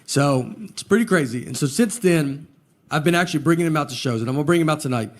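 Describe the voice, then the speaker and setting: A man telling a story in a stand-up set, unhurried, with deadpan asides. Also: a little high. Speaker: stand-up comedian.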